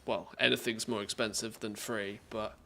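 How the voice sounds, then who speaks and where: A man's voice: fairly low pitch, little pitch movement, moderate pace, vocal fry, pushed and bright, slight background noise. A man streaming live, talking casually and rambling, restarting his thoughts mid-sentence.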